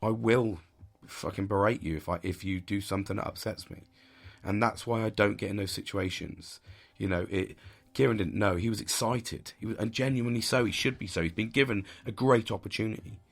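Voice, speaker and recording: Talking a little fast in a lowish, creaky voice, a man hosting a podcast gives a frank, intense monologue. He presses every point emphatically and curses a lot.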